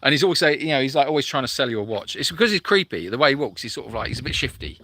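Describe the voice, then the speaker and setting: A man's voice: mid-range voice, expressive, racing, pushed and bright, slight background noise. A man hosting a live sanctuary chat, reading out viewer comments and answering in a chatty, rambling way full of fillers.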